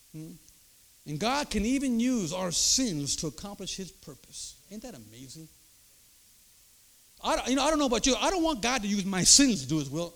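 Older guy preaching, gravelly rough voice, punchy and emphatic, keeps going "huh?". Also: sits high, a bit bright. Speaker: pastor. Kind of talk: sermon.

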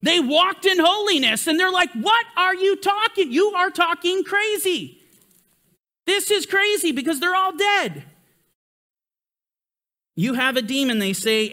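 Male Bible teacher, high and bright, lively emphatic lecture delivery. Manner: emphatic, rising and falling, reads scripture aloud.

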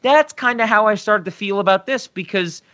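A man co-hosting a podcast, chatting casually about films and getting animated when he rants. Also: high voice, moderate pace, muffled recording. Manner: animated, gets loud and excited when ranting. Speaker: podcast co-host. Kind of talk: casual film discussion.

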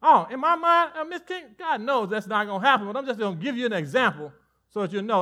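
A man preaching a sermon as pastor, animated and folksy, often dropping to soft asides and joking with the congregation. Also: very high voice, fast.

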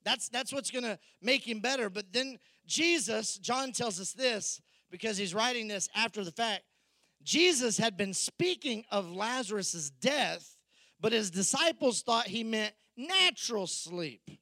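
High-voiced animated male preacher. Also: unhurried, dry recording. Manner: animated storytelling, acting out the disciples' voices. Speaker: pastor. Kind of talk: sermon.

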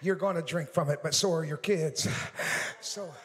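A middle-aged male evangelist preaching a sermon with rising, shouted passion, full of repeated phrases and "uh" fillers. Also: fairly high pitch, moderate pace, big-room sound. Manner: impassioned preaching that builds to shouting; frequent "uh" fillers and repetition.

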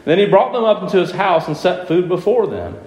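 A man's voice: high voice, fairly quick. A man preaching a sermon who keeps putting questions to his listeners and hammers his points home. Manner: lively, questioning the audience, emphatic. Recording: echoey room with faint ambience.

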